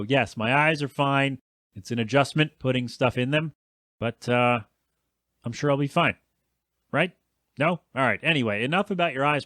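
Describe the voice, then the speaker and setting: A man's voice: mid-range voice, a bit bright, no echo, studio quality. A man in his thirties hosting a solo podcast, rambling in a chatty, self-deprecating way and answering his own asides. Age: 30s. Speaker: podcast host.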